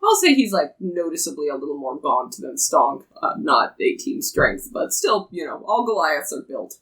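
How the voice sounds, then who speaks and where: A game master narrating a tabletop game, describing a character with many pauses and restarts. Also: mid-range voice, big pitch swings, fairly bright tone, rough recording. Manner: hesitant, many ums and restarts while describing.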